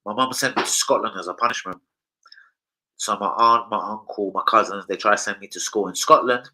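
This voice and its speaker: A man's voice: lowish voice, a little fast, poor audio. A man from London with a London accent, chatting on a live football stream and telling rowdy, swear-filled stories. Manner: loud, swearing storyteller, jumps into shouting. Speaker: football channel host. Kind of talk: casual live-stream chat.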